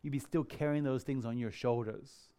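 A man preaching a sermon, rising loud on the crowd's cries and dropping soft and slow when he asks the listeners to reflect. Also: medium pitch, fairly even intonation. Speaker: pastor.

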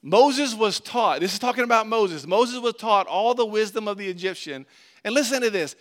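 A man with a high voice preaches in a relaxed, talkative manner. He addresses his listeners directly and breaks off and restarts his sentences often. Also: moderate pace. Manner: conversational, animated preaching with frequent restarts. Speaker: pastor. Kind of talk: sermon.

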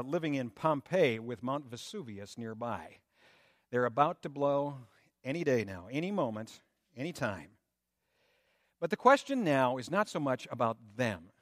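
Pastor type, male, lively sermon delivery with rhetorical questions; close, dry recording. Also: medium pitch, normal speed, long pauses, dry recording. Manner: animated preaching with rising emphasis and rhetorical questions.

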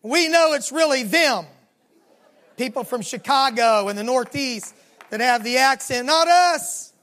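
High-pitched preacher with a Southern accent. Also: expressive, a bit bright. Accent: Southern American. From Southern United States. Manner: dramatic storytelling, slowing down and dropping low for emphasis. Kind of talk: sermon.

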